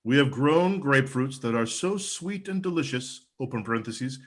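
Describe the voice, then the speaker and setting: A man delivers a spoof commercial pitch with a dry, formal, mock-earnest delivery. His pitch moves in lively swings across each sentence. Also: moderate pace. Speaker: comedian performing a mock ad. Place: home video stream.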